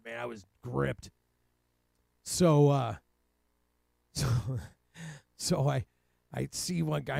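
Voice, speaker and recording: A man's voice: mid-range voice, gravelly, darkish tone, dry recording. A man from Cleveland telling a rambling, profane personal story in a casual way, laughing often. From Cleveland, Ohio. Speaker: guest telling his life story.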